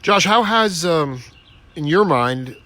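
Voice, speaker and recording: A man's voice: on the high side, lively intonation, slow, pushed and bright. A man in his forties, hosting an interview and asking questions in an eager, conversational way. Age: 40s. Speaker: interview host. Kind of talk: casual interview talk.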